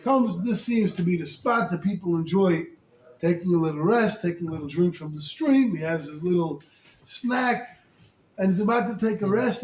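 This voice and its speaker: Animated high-voiced rabbi in an echoey room. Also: male voice. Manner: animated, colloquial, mixes Hebrew and Yiddish terms. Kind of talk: storytelling sermon. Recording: echoey room, faint ambience.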